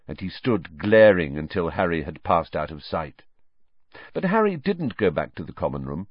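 A man narrating an audiobook with expressive storytelling. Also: low-pitched, normal speed, husky, no room sound. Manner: expressive storytelling, varied voices. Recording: dull lo-fi dry recording.

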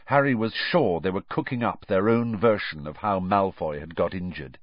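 A man reading a novel aloud as an audiobook narrator, expressive and varied. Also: low voice, normal speed, no room sound. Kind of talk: scripted storybook narration. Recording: dry, slightly dull audio.

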